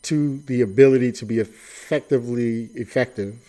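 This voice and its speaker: A man hosting an interview show, speaking haltingly and repeating words as he builds toward his questions. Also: mid-range voice, warm tone. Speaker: podcast host. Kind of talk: casual interview chat. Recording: tinny phone line.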